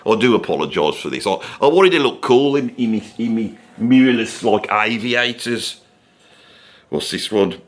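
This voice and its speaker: A man's voice: lowish voice, animated, normal speed, natural voice. A man playing a grumpy Birmingham rock veteran in his sixties, with a Birmingham accent, rambling, swearing constantly and grumbling in a comic rant. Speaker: comedy character.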